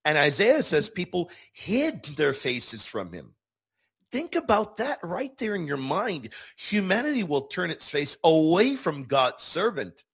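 A man's voice: on the high side, sing-song, unhurried, a bit bright, slightly rough. A man hosting a Catholic teaching show, speaking earnestly and emphatically, repeating key words for stress. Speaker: show host.

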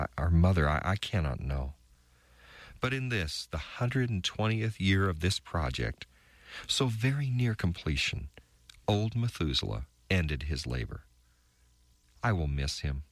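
A man voicing the weary, bitter wife of an ark builder, reading her diary entries with halting, stammered restarts. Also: low-pitched, dry recording, full character voice. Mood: grieving.

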